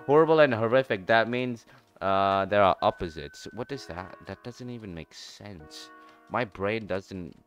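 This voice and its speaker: A man's voice: on the low side, unhurried, highs cut off, soft background music. A man streamer giving casual, playful commentary while playing a game, often jumping into mock trash talk.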